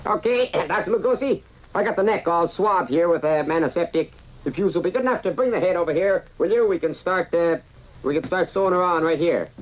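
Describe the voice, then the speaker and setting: Brief: male actor as a chirpy, matter-of-fact horror-spoof lab assistant, high voice, old lo-fi radio. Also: a little fast, natural voice. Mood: businesslike. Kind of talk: old comedy radio sketch. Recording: dull lo-fi archive radio audio.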